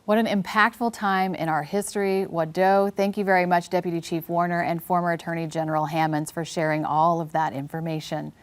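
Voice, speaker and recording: A woman's voice: lowish voice, fairly even intonation, brisk, few pauses. A woman host introducing the next guest in an upbeat, polished way from a studio. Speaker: show host.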